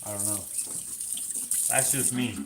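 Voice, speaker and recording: A man's voice: mid-range voice, fairly even intonation, a little slow, gravelly, very noisy. A man chatting casually on a live stream, reading viewer comments aloud and answering with loose, filler-heavy talk. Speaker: vlogger answering viewer questions. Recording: roomy echo.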